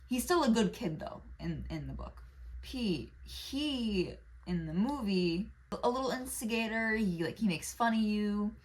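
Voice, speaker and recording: A woman's voice: mid-range voice, expressive, measured pace. A woman talking casually to camera, rambling through asides and swearing freely. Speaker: video creator. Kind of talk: casual vlog analysis.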